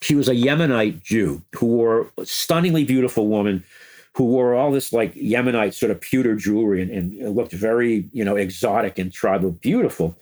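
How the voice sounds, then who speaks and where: Older man telling animated stories. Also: lowish voice, normal speed. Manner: animated, chuckling storyteller who breaks into quoted voices. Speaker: interview guest, former music news editor. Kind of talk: anecdotal interview storytelling.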